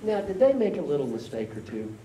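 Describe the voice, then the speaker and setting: A keynote speaker delivers a motivational talk in a conference hall, leading the audience in call and response while a crowd murmurs behind him. His voice is a little high, very animated and a little fast. The hall is echoey, the mic distant, with faint noise.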